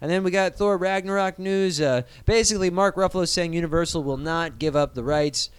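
A man's voice: high-pitched, brisk, clear, resonant tone, dry recording. A man hosting a casual podcast segment, swearing freely and rambling with animation. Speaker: podcast host.

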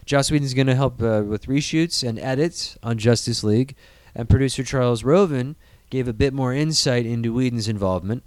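A man's voice: mid-range voice, a little fast, few pauses, darkish tone, dry recording. A man hosting a podcast, casual and crude, joking and reading out film news with lots of fillers. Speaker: podcast host.

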